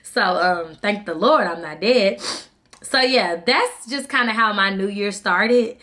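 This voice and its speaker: A young woman with a mid-range voice and measured pace tells her vlog audience a story casually. She's chatty and animated, acting out the dialogue people said.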